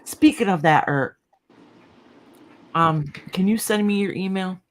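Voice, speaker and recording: A woman's voice: lowish voice, a little slow. A woman co-hosting a casual livestream chat, agreeable and chatty, reading out comments.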